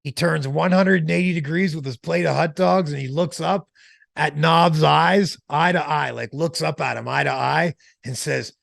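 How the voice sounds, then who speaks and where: A man telling a long, animated anecdote as an interview guest, in a slangy, casual way. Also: fairly high pitch, moderate pace, gravelly, no room sound, clean studio sound.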